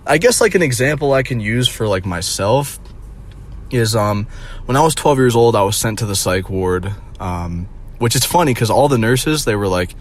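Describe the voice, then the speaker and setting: A man's voice: mid-range voice, expressive, fairly quick. A young man ranting casually to his viewers, rambling with lots of fillers and swearing. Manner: rambling, profane, heavy on "like". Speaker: vlogger. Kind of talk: casual vlog rant.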